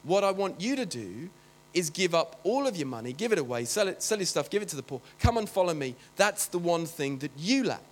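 Man doing a gentle calm teacher, soft measured speech, quietly firm. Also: a little high, rough recording.

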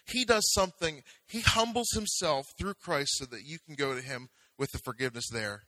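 A man's voice: fairly high pitch, moderate pace, bright, forceful tone, dry recording, rough recording. A man preaching a sermon as pastor, talking conversationally and building to fervent exhortation.

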